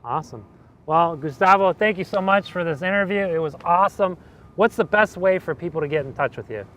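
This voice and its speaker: A man's voice: high-pitched, brisk, fairly bright tone. A man hosting an interview show, upbeat and thanking his guest and viewers. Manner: upbeat, short affirmations. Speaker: interview host. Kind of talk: casual interview.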